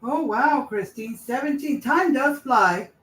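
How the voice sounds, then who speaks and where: A woman's voice: sits high, slow, fairly bright tone. Rambling, chatty woman livestreaming. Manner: rambling, chatty, talks in trailing asides. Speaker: livestream host. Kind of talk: casual livestream chat with viewers.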